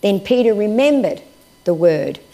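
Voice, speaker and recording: Expressive woman preacher, hushed to lively. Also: medium pitch. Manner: expressive, swinging from raised emphasis to hushed, slow phrases. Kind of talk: sermon with scripture reading.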